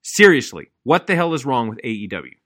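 A man's voice: medium pitch, big pitch swings, a little fast. A man delivering a recorded rant segment, angry, contemptuous and emphatic. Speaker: listener contributor.

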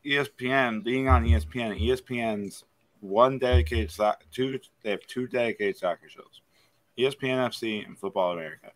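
A man's voice: medium pitch, fairly quick, dry recording. A man from Kentucky co-hosting a podcast, arguing about sports coverage in casual chat with an opinionated, emphatic manner. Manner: opinionated, emphatic, many "like" fillers. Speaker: podcast co-host.

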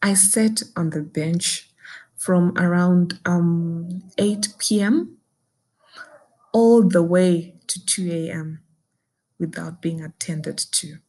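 A young Zimbabwean woman with a slightly low voice tells her own story in an intense, indignant way. She slips between English and Shona as she talks. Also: slow, mellow. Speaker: podcaster recounting a personal ordeal. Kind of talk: emotional personal storytelling.

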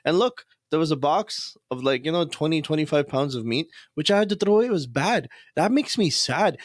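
Fast-talking man venting in a dry room. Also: on the high side, no room sound. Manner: sprinkles in Islamic phrases. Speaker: podcast host. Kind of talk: casual monologue rant.

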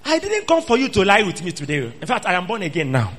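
Man doing a wheedling temptress, high-pitched, coaxing. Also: wildly swooping pitch, fast talker, a bit bright, slightly rough, full character voice. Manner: coaxing, pleading, then shrill accusing cries. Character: scheming seductive married woman, wheedling.

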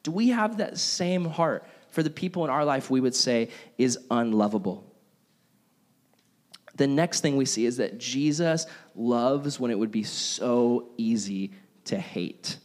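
A young man preaching a casual, conversational sermon and telling stories, animated and acting out his own reactions. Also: mid-range voice, measured pace. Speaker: pastor. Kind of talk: sermon with personal storytelling.

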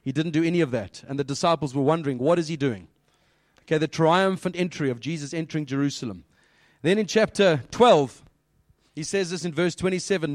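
A man giving a lively children's sermon, asking the listeners questions and quoting scripture. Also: on the high side, fairly quick, dry recording, studio quality. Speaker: pastor.

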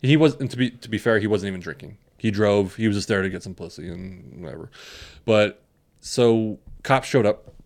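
A man's voice: on the low side, moderate pace, vocal fry. A man co-hosting a podcast, telling a party anecdote in casual chat, swearing freely and acting out what others said. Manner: profane, animated anecdote teller acting out quotes. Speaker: podcast co-host.

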